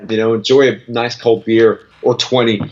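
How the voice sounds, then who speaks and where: A man's voice: medium pitch, flat delivery, normal speed, a little mellow, highs cut off. A man with an Australian accent, chatting as a guest musician in a casual interview, rambling with restarts. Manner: rambling, restarts, laughs easily.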